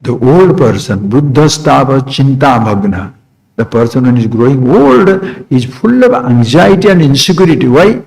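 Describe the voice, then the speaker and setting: A man giving a spiritual discourse. He talks in short repeated phrases and asks rhetorical questions, swinging from quiet remarks to sudden high emphasis. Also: expressive, moderate pace, vocal fry, low-quality recording. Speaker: spiritual teacher.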